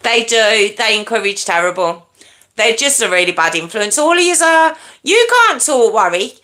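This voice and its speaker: A woman chats with her live viewers in a bright, sparkling voice that swings up and down all the time. She talks in loose, apologetic bursts and sometimes drops to a whisper. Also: fairly high pitch, big pitch swings, moderate pace. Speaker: livestream host. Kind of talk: casual live chat with viewers.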